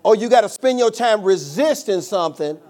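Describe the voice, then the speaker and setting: A man's voice: high voice, animated, moderate pace, a little mellow. A man preaching a sermon as pastor, telling a personal story with call-and-response.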